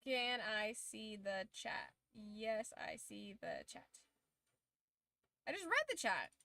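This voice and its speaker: A woman's voice: on the high side, sing-song, takes it slowly, gravelly, pushed and bright. A young woman streamer chatting casually with her viewers during a watch-along, swearing and reacting as she goes.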